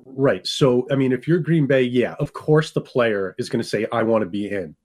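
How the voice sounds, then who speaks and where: A man's voice: medium pitch, moderate pace, darkish tone. A man co-hosting a morning sports radio show, talking through player injuries. He explains at length in an earnest, rambling way, often restarting his sentences. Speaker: radio co-host, fantasy football analyst. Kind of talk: casual sports radio chat. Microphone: studio microphone.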